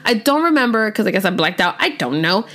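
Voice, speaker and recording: A young woman, telling a storytime vlog in an animated, chatty way full of "like" and "literally". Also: medium pitch, fast talker. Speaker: vlogger.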